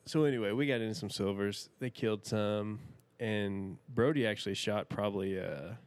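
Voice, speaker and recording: A man's voice: lowish voice, normal speed. A man in his thirties, a podcast guest telling a rambling, folksy story and laughing often. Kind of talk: casual storytelling.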